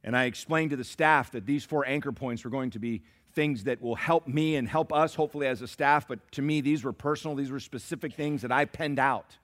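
A man preaching a sermon as pastor, swinging between shouted climaxes and hushed, slow asides. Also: mid-range voice. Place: church sanctuary.

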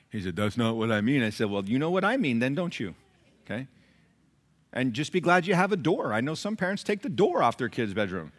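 Brief: male pastor, punchy sermon delivery, loud peaks and hushed asides, church congregation. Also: expressive, a little fast. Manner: emphatic preaching, swings from loud peaks to low asides; repeats phrases for emphasis.

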